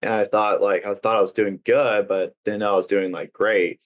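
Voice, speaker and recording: A man's voice: fairly low pitch, fairly even intonation, normal speed. A young man being interviewed on a podcast, talking earnestly and casually, with many uses of 'like' and hesitant restarts. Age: young adult. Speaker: guest.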